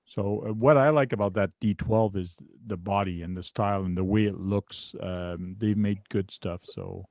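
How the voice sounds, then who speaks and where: A man's voice: fairly low pitch, moderate pace, hardly any pauses, darkish tone, no echo, studio quality. A man from Canada with a Canadian French accent, hosting a casual chat and rambling through stories with many restarts. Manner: rambling, chatty storyteller with restarts. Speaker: host.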